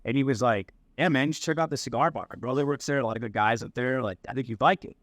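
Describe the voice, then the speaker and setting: A man's voice: mid-range voice, quick pace, no room sound. A man on a podcast co-hosting from a cigar bar, telling stories casually and acting out the people he quotes. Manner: animated, acts out quoted voices. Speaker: podcast co-host. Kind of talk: casual storytelling.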